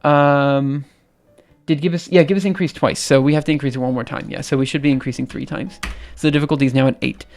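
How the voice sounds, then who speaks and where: A young man hosting a live stream, his voice light and somewhat androgynous, sitting a bit higher than most men's. He talks in a loose, rambling way, full of ums and restarts, and laughs easily. His voice has a noticeable gravelly fry. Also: steady tone, fast, a little mellow, soft background music. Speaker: livestream host. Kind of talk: casual live-stream chat.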